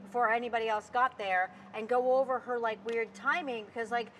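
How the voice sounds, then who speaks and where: A woman with a high voice talks loosely about music and keeps restarting her sentences. She leans on filler words constantly. Faint noise sits under the recording. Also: steady tone, fairly quick, fairly bright tone, low-quality recording. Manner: rambling, filler-heavy with many "like"s. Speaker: podcast co-host. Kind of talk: casual chat about music.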